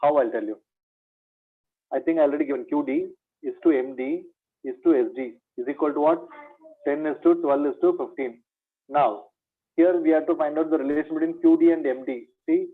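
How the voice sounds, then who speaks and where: Over tinny, phone-like online lecture audio, a maths teacher with an Indian English accent and a fairly high voice runs an exam revision lecture at a brisk pace. He poses questions, answers them himself, and calls students "my dear".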